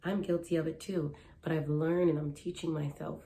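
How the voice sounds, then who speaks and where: A woman's voice: low voice, flat delivery, normal speed, warm tone, a little hiss or hum. Earnest young woman giving relationship advice. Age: young adult. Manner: earnest, repetitive, conversational. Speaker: matchmaker. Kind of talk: casual advice vlog.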